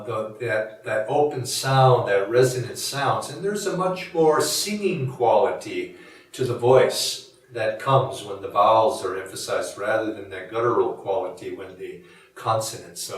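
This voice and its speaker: A man giving a reflective spiritual talk in a measured, musing, conversational way. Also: lowish voice. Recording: echoey room from a distant mic.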